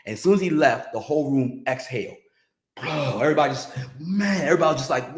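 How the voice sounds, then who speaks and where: A man telling a story in casual chat, animated and acting out other people's lines. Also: a little high, quick pace. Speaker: podcast guest, music industry veteran. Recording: roomy echo.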